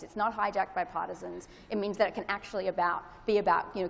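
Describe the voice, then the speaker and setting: A woman's voice: medium pitch, vocal fry, a little mellow. Australian woman giving a talk, earnest, lots of ums, echoey big hall. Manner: hopeful, earnest, with fillers. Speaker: conference presenter, lawyer. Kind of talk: conference presentation. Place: large conference hall. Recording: reverberant lecture hall.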